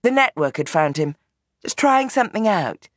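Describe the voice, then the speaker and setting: A woman reading a novel aloud in measured, tense scripted narration. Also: lowish voice, sing-song, dry recording. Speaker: audiobook narrator.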